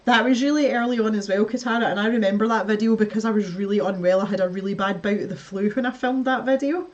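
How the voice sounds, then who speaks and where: A woman's voice: medium pitch, fast talker, a little mellow, dull audio. A woman hosting a casual live stream, chatting to her viewers as she builds, laughing often and muttering to herself. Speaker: livestream host.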